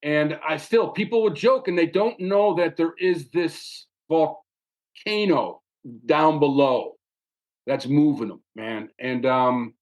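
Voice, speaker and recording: Lively higher-voiced man telling stories. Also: slow pace. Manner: animated storyteller, often ends phrases with "man". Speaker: podcast host. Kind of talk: casual storytelling chat.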